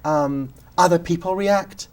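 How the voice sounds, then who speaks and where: A man's voice: sits high, a little slow. A British man hosting a talk show, telling anecdotes in casual chat and acting out the lines of the people he quotes. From Britain. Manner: animated storyteller who acts out quotes.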